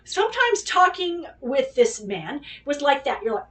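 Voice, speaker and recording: A woman's voice: sits high, very animated, measured pace, fairly bright tone, far from the mic. A woman hosting a podcast who tells a personal story in casual chat, rambling and candid, swearing freely and acting out what people said. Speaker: podcast host.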